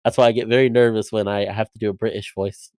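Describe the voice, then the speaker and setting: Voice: mid-range voice, flat delivery, fast talker, a little mellow, no echo. Hesitant, self-deprecating podcast guest. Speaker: guest voice actor. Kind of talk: casual roundtable chat.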